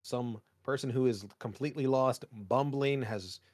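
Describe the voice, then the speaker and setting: A man's voice: mid-range voice, normal speed, a little mellow, dry recording, studio quality. A young man co-hosting a casual podcast, rambling with lots of fillers and jokes. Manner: rambling, many fillers, jokey. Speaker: podcast co-host. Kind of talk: casual chat.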